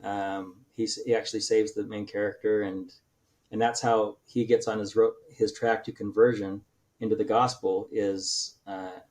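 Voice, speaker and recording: A man's voice: on the low side, flat delivery, moderate pace, a little mellow. A male author on a podcast, retelling his book's plot in a rambling way with many restarts and fillers. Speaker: author guest. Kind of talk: casual podcast interview.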